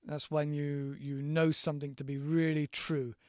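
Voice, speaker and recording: Relaxed man spelling out words. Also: a little high, normal speed, no echo, clean studio sound. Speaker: podcast host teaching English vocabulary. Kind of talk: casual spoken vocabulary lesson. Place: countryside home.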